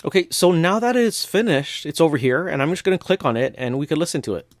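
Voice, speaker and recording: A man calmly talking viewers through a software tutorial step by step, with casual fillers. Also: a little high, fast talker, dry recording, clean studio sound. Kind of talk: screen-recorded software walkthrough.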